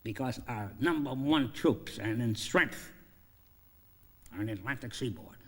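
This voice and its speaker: A filmmaker pitching a film story, energetic and profane, acting out each scene as he goes. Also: measured pace.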